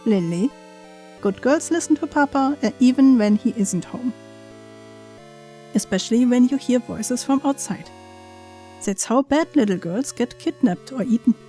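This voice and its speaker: A woman's voice: sits high, sing-song, moderate pace, hardly any pauses, darkish tone, faint music behind. A woman voicing a stern, controlling father who insistently lectures his little daughter. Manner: insistent, admonishing.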